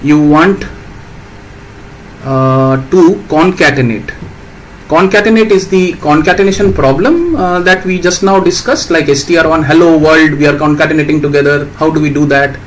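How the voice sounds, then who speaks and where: A man's voice: on the high side, normal speed, slight background noise, low-quality recording. A man, teaching programming in a live stream and patiently answering viewer questions. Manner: explains patiently, reads out questions, asks "right?".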